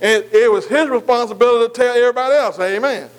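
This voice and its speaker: A man preaching a sermon, who keeps asking his listeners "am I right?" and slowly spells out key words letter by letter. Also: very high-pitched, smooth, rough recording. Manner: asks the congregation "am I right?" again and again.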